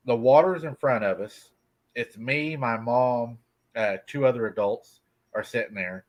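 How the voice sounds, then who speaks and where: A folksy middle-aged man spins a spooky campfire-style tale with an easy drawl. His voice sits at an ordinary pitch and moves at a relaxed, conversational pace. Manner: folksy, drawling, laughs often. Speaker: guest telling a cryptid encounter. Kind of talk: casual storytelling. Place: rural farm home.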